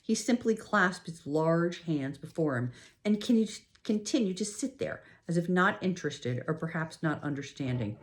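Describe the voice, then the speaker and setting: A woman narrating a novel in the first person at a measured, steady pace. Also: on the low side. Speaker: audiobook narrator.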